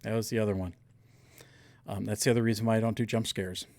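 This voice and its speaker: A man's voice: fairly low pitch, level tone, quick pace, darkish tone. A man chatting casually, telling a story with many fillers and restarts. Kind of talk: casual chat.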